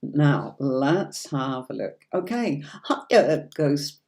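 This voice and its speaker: A woman's voice: extremely low pitch, big pitch swings, slow pace, darkish tone. A middle-aged woman from Yorkshire, England, teaching tarot in a live-streamed workshop, chatty and effusive, calling her viewers darling.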